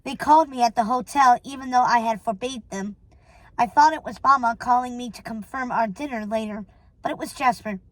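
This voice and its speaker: A woman reading a novel aloud in a steady way, with small stumbles and self-corrections. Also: a little high, a little fast, no echo, rough recording. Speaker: reader.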